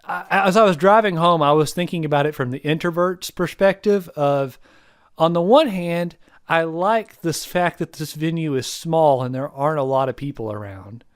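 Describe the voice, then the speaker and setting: A man's voice: on the high side, moderate pace, clear, resonant tone, no echo, studio quality. A young man from the United States, co-hosting a podcast in casual chat, rambling through a reflective story. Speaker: podcast co-host.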